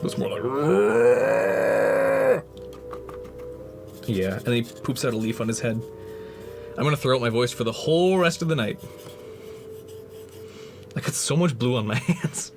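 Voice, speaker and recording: A man's voice: mid-range voice, normal speed, pauses often. A man talking casually on a livestream while painting, joking and answering chat. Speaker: streamer and prop maker. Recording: music playing under the voice. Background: background music.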